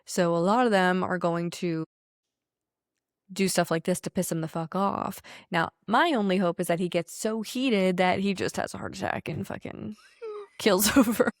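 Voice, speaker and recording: A woman with a slightly low voice talks through the news as a podcast co-host, sharp and sarcastic, swearing freely as she rants. The sound is dry and close to the mic, with no room around it. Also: normal speed, dry recording. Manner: blunt, profane, sarcastic ranting. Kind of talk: casual political chat.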